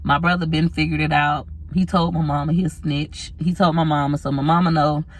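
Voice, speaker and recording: Husky, tearful woman in her thirties. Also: low-pitched, steady tone. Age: 30s. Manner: chatty, candid, drawls into long pauses. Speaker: vlogger. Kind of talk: candid personal storytelling to camera.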